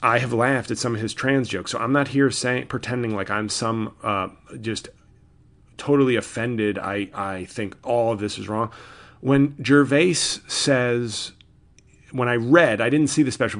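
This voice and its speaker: A man's voice: medium pitch, steady tone, normal speed, creaky, fairly bright tone. A man, a comedian, talking alone in a rambling, exasperated way, restarting sentences often. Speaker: podcast host and comedian. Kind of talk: casual solo monologue.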